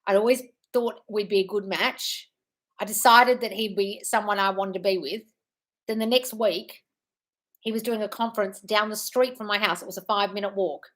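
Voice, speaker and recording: This manifestation coach runs a live Q&A stream, reading viewer questions aloud and answering them frankly and breezily while calling listeners "darling." Her medium-pitched voice is steady and fairly bright, moving at a moderate pace.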